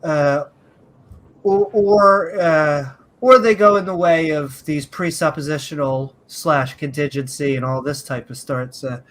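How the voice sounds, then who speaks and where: A man with a notably high voice chats on a panel in a loose, jokey, animated way. He leans on filler sounds as he works his way toward his point. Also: measured pace. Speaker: panelist on a skeptic discussion show. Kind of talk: casual debate chat.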